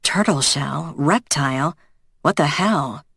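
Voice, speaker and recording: An audiobook narrator voicing an ancient male vampire who speaks tersely and calmly. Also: medium pitch, slow, vocal fry, breathy edge, dry recording, clean studio sound, exaggerated voice. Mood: guarded.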